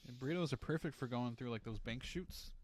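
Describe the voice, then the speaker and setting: A man's voice: medium pitch, fairly quick, darkish tone, dry recording. A man co-hosting a casual podcast, laid-back and joking, swearing casually. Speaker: podcast co-host. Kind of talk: casual chat.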